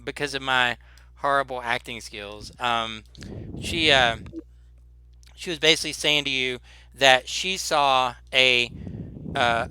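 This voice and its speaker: A man running a tabletop game as game master, narrating haltingly with many restarts. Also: medium pitch, pushed and bright, a little hiss or hum, low-quality recording.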